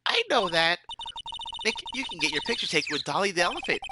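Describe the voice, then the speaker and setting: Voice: mid-range voice, big pitch swings, fast talker, very noisy, voice pushed up, natural voice. Cheerful teen girl sidekick, chirpy and teasing; streamer doing the voice. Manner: chirpy and playful. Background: loud game music.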